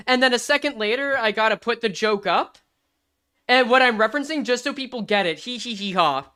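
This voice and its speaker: A woman streamer giving casual, animated game commentary, reading lines aloud and swearing now and then. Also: a little high, a little fast.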